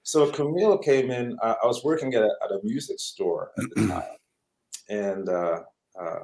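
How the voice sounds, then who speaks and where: A middle-aged man from Canada, a guest musician telling stories in a conversational, animated way. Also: on the low side, normal speed. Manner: animated, acts out quoted voices. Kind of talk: conversational storytelling. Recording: echoey room.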